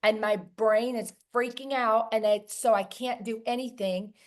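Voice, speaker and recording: A woman's voice: a little high, fairly even intonation, measured pace. A woman hosting a coaching talk about feelings, speaking emphatically and often repeating key words. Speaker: host.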